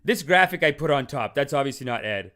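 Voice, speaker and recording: A man's voice: mid-range voice, animated, brisk, fairly bright tone. A man hosting a podcast in casual, rambling, joking talk, swearing and laughing often. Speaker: podcast host. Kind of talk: casual chat.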